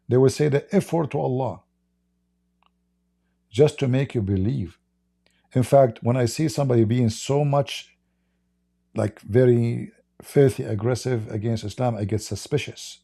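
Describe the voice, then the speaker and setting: A man hosts a livestream and tells a long story in a loose, rambling way, acting out each side of the exchange. His voice is very dark and mellow, with a gravelly edge and a husky grain. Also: mid-range voice. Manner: rambling, acts out quoted dialogue. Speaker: livestream host. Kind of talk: casual storytelling monologue.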